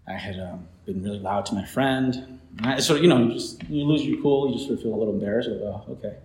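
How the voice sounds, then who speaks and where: A man's voice: mid-range voice, darkish tone, echoey room. A man, probably a pastor, preaching a sermon and telling a personal story in an earnest way, restarting his sentences often.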